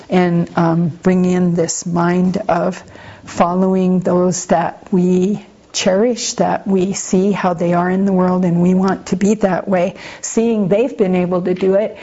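In an informal dharma talk, a woman with a lowish voice teaches Buddhist practice in a conversational, gently humorous way. She often turns to her listeners with asides, and the lo-fi recording is slightly muffled.

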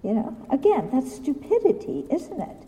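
Brief: blunt, unhurried woman giving a dharma talk, pitch a touch high, recorded with long hall reverb. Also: wildly swooping pitch, mellow. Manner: blunt, questioning, acts out quotes. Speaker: Buddhist teacher.

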